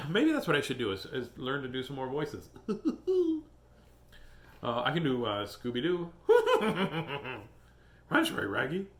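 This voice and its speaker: A man's voice: fairly high pitch, huge pitch swings, slow. A middle-aged man reading a children's story aloud and chatting casually with viewers, playful and silly. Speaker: host reading children's books.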